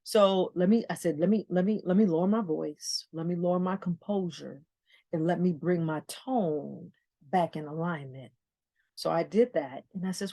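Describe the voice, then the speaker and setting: Animated woman telling a story. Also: fairly low pitch, moderate pace, dry recording. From San Francisco Bay Area. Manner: animated storyteller, acts out dialogue, repeats phrases. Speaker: podcast host. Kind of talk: storytelling motivational talk.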